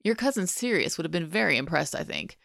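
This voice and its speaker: A woman reads a protective godfather soothing a scared child. He speaks softly and kindly. Her voice is low, with a gravelly rasp, recorded dry and close. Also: sing-song, quick pace, dry recording, heavily acted. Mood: tender. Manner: gentle, murmuring with a child. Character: adult man, protective godfather, tense but tender.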